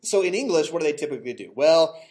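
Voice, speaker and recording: A man with a slightly high voice teaches a verse-by-verse sermon. He walks his congregation through the text patiently, asking rhetorical questions and correcting his own slips as he goes. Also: lively intonation, quick pace, darkish tone. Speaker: pastor. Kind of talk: expository sermon. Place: church sanctuary.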